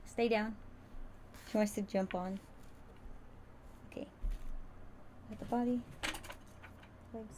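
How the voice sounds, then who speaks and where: A woman's voice: medium pitch, steady tone, takes it slowly, long pauses, mellow, a little hiss or hum. A woman hosting a casual livestream tutorial, chatty and rambling, often stumbling over her words as she sews. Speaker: crafter streaming a sewing demo.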